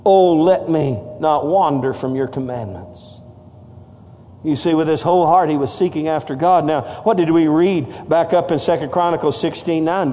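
An older man preaching a sermon to his congregation, passionate, climbing into shouted lines. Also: on the high side. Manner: impassioned, rising to shouts. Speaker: pastor. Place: church sanctuary. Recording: long hall reverb.

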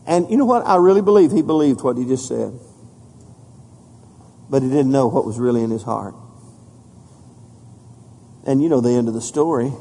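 Hall reverb surrounds this husky-voiced pastor as he preaches, building emphasis while reading scripture and then going low and soft at solemn moments.

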